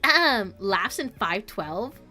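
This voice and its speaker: A young woman, a streamer chatting casually with her live chat, giggly and quick to react. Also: medium pitch, very animated, sharp tone, faint music behind. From Canada.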